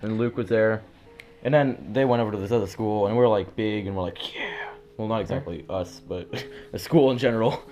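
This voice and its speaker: Faint music plays behind a teenage boy as he casually rambles through a lengthy story, a little fast and heavy on fillers. He jumps to loud, high-pitched voices to quote others.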